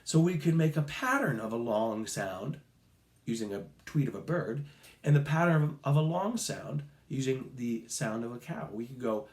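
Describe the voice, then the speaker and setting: A man teaching a recorded music lesson to children, slow, patient and encouraging, sometimes making playful animal sounds. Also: medium pitch, darkish tone, reverberant.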